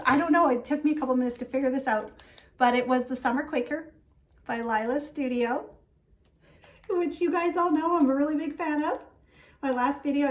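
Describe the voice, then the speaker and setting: A woman in her thirties hosting a stitching vlog, telling a story in a chatty way with many fillers and acted-out quotes. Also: sits high. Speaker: flosstube host. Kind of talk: casual chat.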